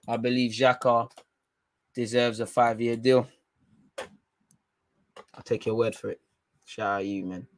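A man's voice: medium pitch, little pitch movement, measured pace, pauses often. A young man, casually chatting through viewer comments on a football livestream, slangy and trailing into fillers. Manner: laid-back slangy banter, trailing off into fillers.

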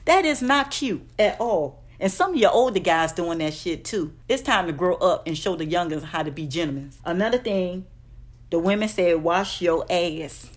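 A woman's voice: fairly low pitch, lively intonation, normal speed. A woman giving blunt, profane relationship advice in a casual vlog rant, calling her listeners "honey". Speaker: advice vlogger.

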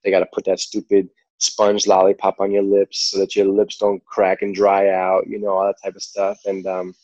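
A man with a New York accent and a very low, deep voice tells stories as a guest in a loose, easygoing way, leaning on "like" and "you know". The sound is dry and close, with no room around it. The recording is a little dull and muffled. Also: a little mellow, no room sound. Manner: rambling, full of "like" and "you know". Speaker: podcast guest. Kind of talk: casual storytelling.

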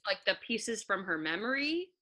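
A young woman guesting on a casual podcast, talking about a film with animated energy and frequent laughter. Her voice has a sharp, bright edge at a middle pitch, and she leans on "like" as she goes. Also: normal speed. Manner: animated, laughing, says "like" often. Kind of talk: casual chat about a movie.

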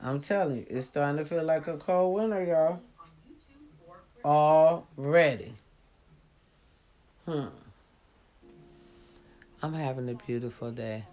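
A woman's voice: low voice, moderate pace, long pauses, dark tone. A woman who is sick, lying down and talking bluntly to her viewers, swearing freely and giving life advice. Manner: blunt, preachy, swears freely, says y'all often. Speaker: vlogger. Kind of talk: casual talk to viewers.

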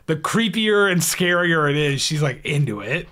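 A man's voice: fairly high pitch, lively intonation, moderate pace, a bit bright. Laughing, joking man co-hosting a podcast. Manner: joking, laughs often, sarcastic asides. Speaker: podcast co-host. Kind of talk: casual chat recapping a film.

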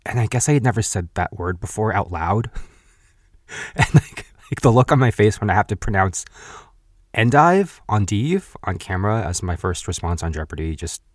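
A man's voice: low-pitched, brisk, darkish tone, no room sound, studio quality. A man in his thirties hosting a podcast, casually recapping a cooking show, chatty with frequent laughs and blunt asides. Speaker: podcast host.

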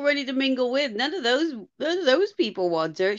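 Animated woman with a lively voice. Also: high voice, brisk, dull audio. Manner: animated, mimics people, laughs often. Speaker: podcast co-host. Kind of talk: casual chat recapping a reality show.

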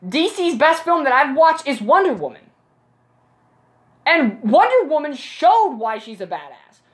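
A woman's voice: high voice, big pitch swings, unhurried. A woman giving a casual, blunt and opinionated movie review, exasperated and swearing freely.

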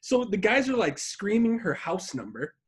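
A man hosting a casual podcast has a voice that sits high and sounds husky. He tells stories in an animated, profane way and acts out the people he quotes. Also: normal speed. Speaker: podcast host. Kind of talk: casual storytelling chat.

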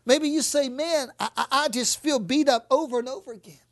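A woman's voice: sits high, a little fast. A woman preaching a sermon, emphatic, repeating phrases and acting out the words she quotes.

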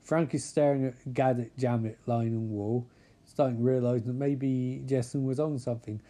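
Brief: male recap comedian, deadpan and snarky, warm mellow tone, middle pitch. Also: normal speed. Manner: deadpan, mocking, profane asides. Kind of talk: sarcastic episode recap.

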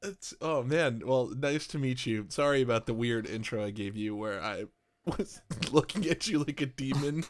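A man improvising as a player in a comedy tabletop game, with a mid-range voice. He talks casually and jokingly, often pausing with fillers. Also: medium pitch. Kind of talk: improvised role-play.

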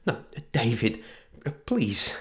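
A man voicing a soft-spoken young woman who pleads and makes excuses. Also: mid-range voice, very animated, takes it slowly. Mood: pleading.

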